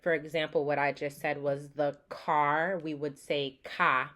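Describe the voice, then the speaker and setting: A young student from the Boston area gives a casual class presentation in a low, flat voice. She often pauses with "um" and demonstrates pronunciations aloud.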